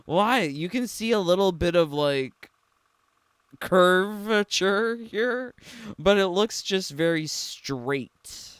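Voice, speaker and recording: Speaking slowly in a high, animated voice that's fairly bright and clean, a young man makes sarcastic, offhand remarks about a game trailer. He laughs often and says "like" constantly, and the recording has no echo.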